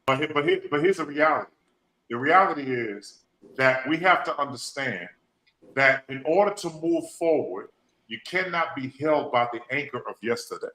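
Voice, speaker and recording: A man's voice: mid-range voice, lively intonation, moderate pace, pushed and bright, poor audio. A man hosting a podcast, speaking, repeating phrases and using folksy slang. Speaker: podcast host. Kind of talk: emotional motivational talk.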